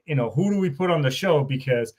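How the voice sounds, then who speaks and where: A middle-aged American man hosting a podcast, telling stories in a profane, animated way and acting out both sides of conversations. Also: on the high side, fast. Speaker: podcast host. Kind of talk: casual storytelling monologue.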